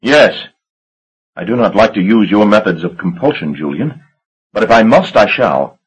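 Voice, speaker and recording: A man's voice: on the low side, animated, normal speed, husky, rough recording. A man voicing Joshua York, a stern, proud male vampire leader who speaks in a cold, commanding, formal way.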